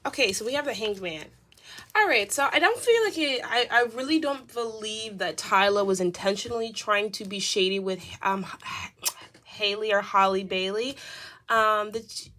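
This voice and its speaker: Woman, tarot reader, casual reading, chatty, rambling, lots of fillers, mid-pitched voice. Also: expressive, moderate pace, bright, forceful tone.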